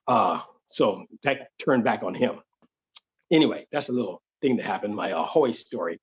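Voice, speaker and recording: Husky-voiced man telling a comic story. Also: lowish voice, normal speed, highs cut off. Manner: animated, acts out the voices of the people in his stories. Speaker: stand-up comedian.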